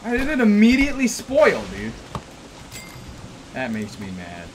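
A young man streaming a game, talking to himself in bursts that swing from loud yelps to low mutters. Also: huge pitch swings, a little slow, heavy background noise. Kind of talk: gaming commentary. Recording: game music underneath. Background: game music.

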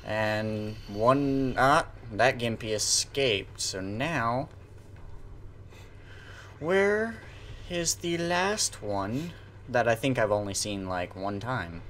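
A man's voice: mid-range voice, expressive, extremely slow, a bit bright, slight background noise. A man hosting a gaming video, joking crudely and mocking other players while he plays. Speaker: gaming channel host. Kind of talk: casual gameplay chat.

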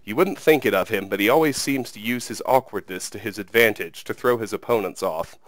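A man voicing a huge, jovial war chief who talks in a hearty, rumbling way. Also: fairly quick, no echo, natural voice.

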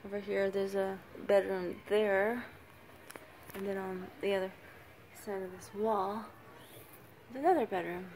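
An older woman, a grandmother babysitting, softly narrating a home video in an upstairs family room, often dropping to a whisper and coaxing the little ones. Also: medium pitch, steady tone, measured pace, pauses often, slight background noise. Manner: soft-spoken, often hushed to a whisper; coaxing, praising grandmotherly baby talk. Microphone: handheld phone camera.

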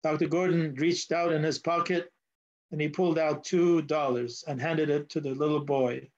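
A man's voice: fairly high pitch, fairly even intonation, moderate pace, a little mellow. A male pastor preaching a sermon in church, telling a story and asking the congregation questions. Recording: dull lo-fi sound.

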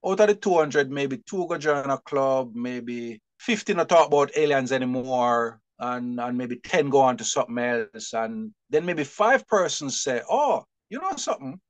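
A middle-aged man, a publisher and bookseller, telling stories in an animated, expressive way during an interview and often laughing. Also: medium pitch, normal speed, few pauses, no echo.

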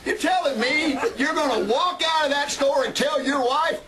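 Sarcastic ranting man, high voice. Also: moderate pace, few pauses, bright, forceful tone, a little hiss or hum, rough recording. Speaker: talk show host. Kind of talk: comedic opening monologue.

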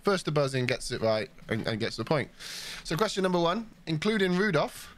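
A man's voice: on the high side, a little fast. A man hosting a podcast quiz in casual chat, laughing often as he reads out questions. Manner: laughs often, animated quizmaster. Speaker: podcast host running a quiz.

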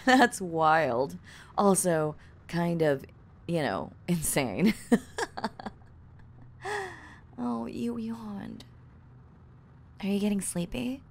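A woman's voice: on the low side, animated, extremely slow, creaky, pauses often, full character voice. A woman playing a giggly obsessive kidnapper. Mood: soothing. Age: young adult. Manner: giggly and teasing, slipping into soft whispers; breaks off to fix her own lines. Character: obsessive young woman who kidnapped her crush. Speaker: voice actress. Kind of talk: audio role-play.

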